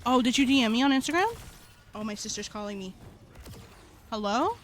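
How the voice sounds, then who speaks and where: A woman's voice: on the high side, animated, fairly quick, fairly bright tone, slight background noise. A woman streaming live, chatting casually with her viewers in a slangy, rambling way, often laughing.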